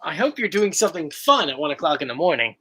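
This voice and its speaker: A man's voice: fairly high pitch, sing-song, fast talker, pushed and bright, breathy edge. A man hosting a casual livestream chat, playful and teasing his partner. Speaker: host.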